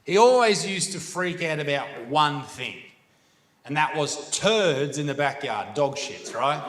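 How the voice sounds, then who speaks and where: Brash Australian stand-up comic, young, bright forceful voice, crude and profane. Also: male voice, on the high side, expressive, measured pace. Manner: crude, swearing, brash storytelling. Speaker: stand-up comedian. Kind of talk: stand-up comedy set. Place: comedy venue stage with live crowd.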